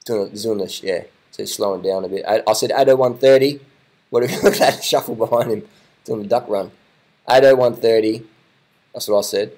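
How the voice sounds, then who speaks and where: A man talks through footage in a loose, off-the-cuff reaction commentary. His voice sits a little low, and he gets excitable, repeating himself and swearing casually as he goes. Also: brisk, rough recording. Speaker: video commentator.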